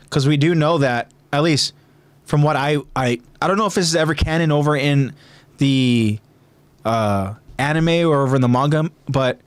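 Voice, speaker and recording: A man's voice: medium pitch, no echo. A man hosting a podcast in casual chat, rambling with many fillers and restarts. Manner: rambling, filler-heavy, hesitant. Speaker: podcast host.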